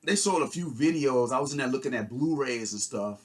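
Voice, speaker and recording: A middle-aged man talks loosely and warmly about records he picked up. His delivery is casual and enthusiastic, full of fillers and restarts, like chatting to a friend. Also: medium pitch, brisk, hardly any pauses, breathy edge. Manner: relaxed, enthusiastic, rambling with fillers. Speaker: record collector vlogger. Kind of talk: casual haul video chat.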